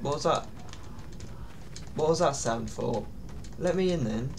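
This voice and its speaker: A man's voice: medium pitch, animated, measured pace, creaky, a little mellow, slight background noise. A man giving nervous, jumpy commentary while playing a horror game. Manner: jumpy, nervous, often pleading to himself. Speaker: gaming YouTuber.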